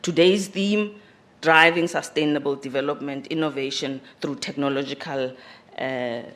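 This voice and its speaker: A speaker with a self-described squeaky voice gives a formal welcome address at a university conference hall on a podium microphone, halting with frequent fillers and repeated words. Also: fairly bright tone. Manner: rises in pitch and volume on emphasized phrases. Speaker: conference host speaking for the organizers.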